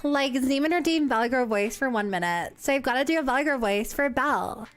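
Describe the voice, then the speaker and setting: A woman's voice: high voice, lively intonation, fairly quick. Chatty young woman streamer. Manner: chatty, rambling, reacting to chat. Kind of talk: casual game stream chat. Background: game music.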